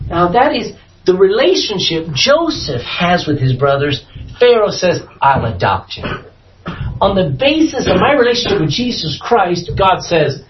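A man's voice: fairly high pitch, measured pace. A man teaching a Bible study, reading scripture aloud and acting out the characters with laughs. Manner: animated, acts out scripture voices with laughs. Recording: dull lo-fi room recording.

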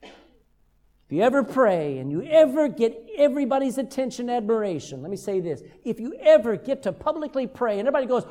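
Older man, pastor, high-pitched, humorous sermon delivery. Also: a little fast. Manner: humorous, lively storytelling.

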